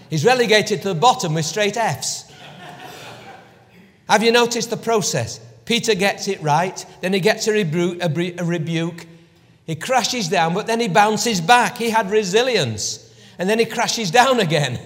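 A man preaching a sermon, telling the story with lively emphasis and dropping to a hushed voice for reflection, often clearing his throat. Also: sits high, normal speed. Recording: long hall reverb.

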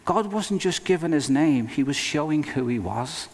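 A male pastor preaching a sermon in an earnest, emphatic way, with dramatic pauses. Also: on the high side, expressive. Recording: long reverb of a hall.

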